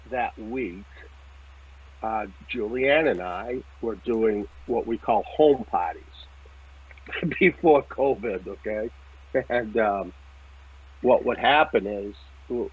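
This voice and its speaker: A man, telling a story as a psychic medium in lively casual talk, swearing now and then and checking in with "right?". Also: fairly low pitch, breathy edge. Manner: animated, swears casually, laughs often, repeats "right?" and "okay?". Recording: tinny phone-like line.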